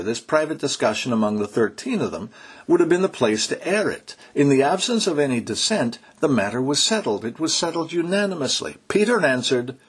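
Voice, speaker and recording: Male pastor, sermon delivery, emphatic and exhorting, animated pitch, slightly husky. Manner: emphatic, exhorting, slows to stress key words.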